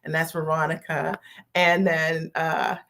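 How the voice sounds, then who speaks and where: A woman business coach hosting a live stream, greeting viewers by name and repeating her key phrases slowly for emphasis. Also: low-pitched, level tone, a bit bright.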